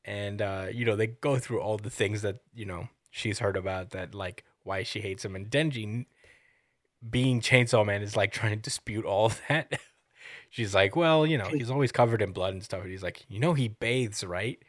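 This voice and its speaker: A man's voice: lowish voice, normal speed, no room sound, clean studio sound. A man co-hosting a casual podcast, rambling through a chapter recap and acting out the characters' lines. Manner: rambling, quotes characters in a lively acted-out way. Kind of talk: casual chat.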